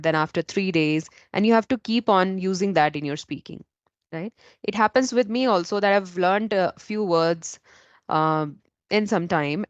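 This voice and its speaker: A woman's voice: lowish voice, dry recording, highs cut off. A woman English trainer with an Indian accent, explaining patiently and often asking "right?". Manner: explanatory, frequent "right?" tag questions. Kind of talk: interview answers, teaching.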